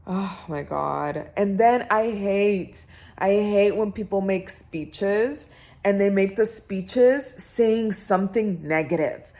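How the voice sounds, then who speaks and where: A woman talks straight to the camera in a casual vlog. She's a little drunk and animated as she rants through her stories. Her voice sits in an ordinary middle pitch. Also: slow pace. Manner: ranting, animated storytelling. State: tipsy. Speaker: vlogger. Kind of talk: casual chat.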